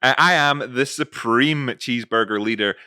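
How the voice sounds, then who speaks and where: A man's voice: mid-range voice, normal speed, sharp tone, clear, resonant tone, no room sound, clean studio sound. A man doing a boastful joking dictator. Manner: jokey, rambling boasts. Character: boastful male dictator, joking and self-important.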